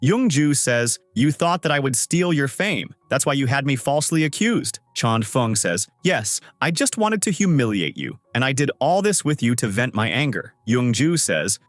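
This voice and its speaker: Lively man narrating a drama recap. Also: medium pitch, no echo. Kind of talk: scripted narration.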